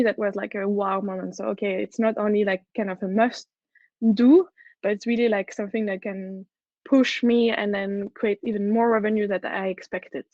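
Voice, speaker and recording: A woman's voice: mid-range voice, a little mellow, no echo. French-accented woman giving a talk. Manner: enthusiastic, earnest, with frequent restarts. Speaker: head of product, conference speaker. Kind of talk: conference talk. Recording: dull, dry lo-fi recording.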